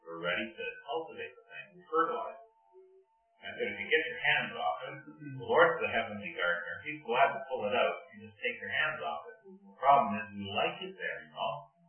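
An older man preaching a sermon, telling anecdotes with self-deprecating humor. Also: mid-range voice. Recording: tinny phone-like sound, distant and roomy.

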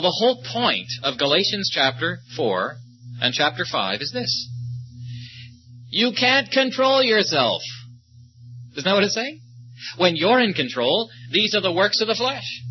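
A man preaching a sermon, speaking slowly and emphatically and stopping to tell short stories. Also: a little high. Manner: slow, emphatic preaching with storytelling asides. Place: meeting or conference hall. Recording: muffled, lo-fi recording with faint hum.

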